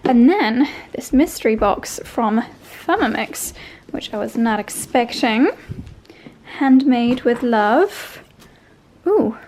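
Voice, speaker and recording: A woman's voice: a little high, takes it slowly, a little mellow, a little hiss or hum. A young woman vlogging at home in a casual, chatty way, gushing over deliveries as she unpacks them. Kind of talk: casual vlog chat.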